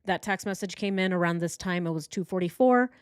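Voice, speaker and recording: A woman's voice: lowish voice, a little fast, smooth, dry recording, studio quality. Indignant woman reading texts aloud. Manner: indignant, sarcastic. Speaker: true crime channel host. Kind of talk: commentary while reading text messages. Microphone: boom-arm microphone.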